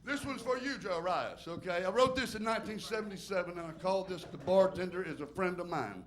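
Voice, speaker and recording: A man's voice: sits high, brisk, hardly any pauses, fairly bright tone. A middle-aged man from Alabama with a Southern accent, a stand-up comic on a club stage reciting bawdy, crude poems in a rambling way and laughing at his own lines.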